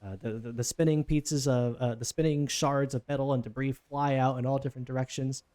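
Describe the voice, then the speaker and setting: A man's voice: mid-range voice, steady tone, fairly quick, dark tone. A man running a tabletop game as game master, narrating in a casual, rambling way.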